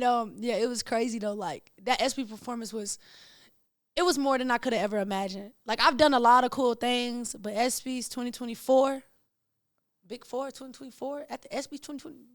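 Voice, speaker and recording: Excitable young woman telling stories. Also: on the high side, normal speed, no room sound, studio quality. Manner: excitable, slangy, animated storytelling. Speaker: podcast host. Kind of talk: casual storytelling to camera.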